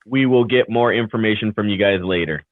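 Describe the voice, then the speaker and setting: Over a video call with tinny, phone-like audio, a man co-hosts a live racing talk show, loosely rambling through thanks and sign-offs. His voice is on the low side and brisk, with no room sound.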